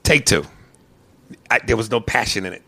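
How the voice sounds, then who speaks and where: A man with a gravelly, bright voice co-hosts a comedy podcast. His pitch swings widely as he barks profane, bossy banter in a loud, animated way. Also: moderate pace. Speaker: podcast co-host.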